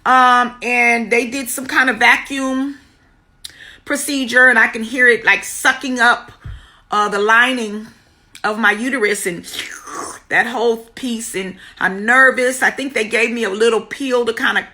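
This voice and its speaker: Middle-aged woman, high and bright, personal and earnest, teaches and testifies to a live audience. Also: fairly even intonation, unhurried. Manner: personal, greets viewers by name mid-story; earnest, repeats key words for emphasis. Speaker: womb healing teacher.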